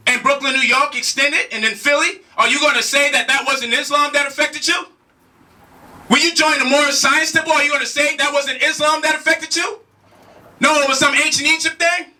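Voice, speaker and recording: A man's voice: very high voice, pushed and bright, recorded from a distance. A man giving a heated spoken lecture, emphatic, with repeated rhetorical questions and casual slang. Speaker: speaker challenging a debate opponent.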